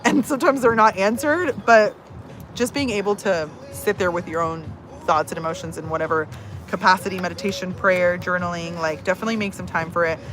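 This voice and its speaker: A woman's voice: fairly low pitch, a little fast, over music, low-quality recording. A woman in her thirties, a personal growth coach, chatting casually on a livestream with lots of fillers in a bubbly, talkative way.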